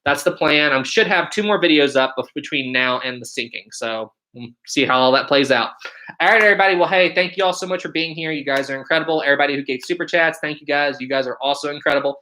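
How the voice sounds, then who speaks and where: An upbeat man in his twenties hosts a relaxed live stream, reading and answering viewer questions. His voice is bright and clear, and he keeps a friendly, chatty flow while thanking viewers again and again. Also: fairly high pitch, fast, poor audio. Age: 20s. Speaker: livestream host.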